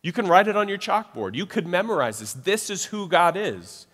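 This preacher's voice, slightly high for a man, has a sing-song, somewhat bright quality and echoes with a long reverb like a church hall. He talks conversationally, constantly dropping quick "right?" tag questions to the audience.

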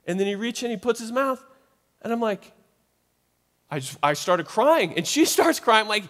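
A man's voice: sits high, moderate pace, pauses often. Pastor man in a reverberant hall. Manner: animated storytelling, then soft prayer. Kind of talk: sermon with personal story and prayer.

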